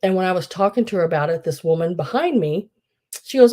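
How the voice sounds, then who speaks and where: A woman with a low, mellow voice hosts a live online sale, chatting casually and rambling, with lots of "um"s and restarted sentences. She's animated, yet her tone stays soft rather than bright.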